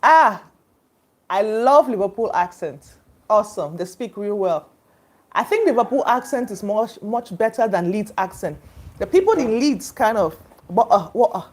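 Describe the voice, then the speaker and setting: A woman's voice: mid-range voice, lively intonation, moderate pace. A woman hosting a casual livestream, greeting viewers and chatting in a rambling, hesitant way with many fillers. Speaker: livestream host. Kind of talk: casual live-stream chat greeting viewers.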